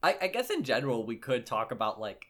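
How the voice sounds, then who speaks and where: A man's voice: medium pitch, big pitch swings. A young man co-hosting a podcast, chatting casually and joking at his own expense with many fillers. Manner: joking, self-deprecating, halting with fillers. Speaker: podcast co-host.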